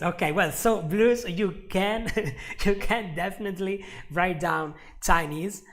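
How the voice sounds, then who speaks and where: A man teaches English on a live stream, explaining things step by step, repeating words, and chatting with viewers. His voice sits high, with a slow pace and some vocal fry.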